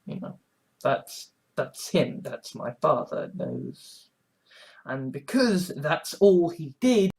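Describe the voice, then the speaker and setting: A man's voice: on the high side, very animated, takes it slowly, creaky. A man ranting in a blunt, emotional monologue, swearing freely as an online preacher.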